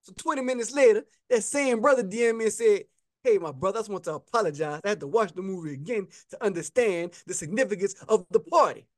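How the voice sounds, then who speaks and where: Man, high voice, dry close sound, casual podcast storyteller acting out quotes. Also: fast, no echo. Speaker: podcast co-host.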